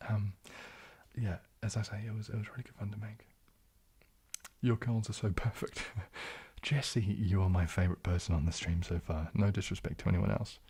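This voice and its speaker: Breathy whispering New Zealand man. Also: lowish voice. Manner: shifts between whisper and soft speech, hesitant with fillers. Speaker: ASMR livestream host. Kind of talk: whispered, soft-spoken chat.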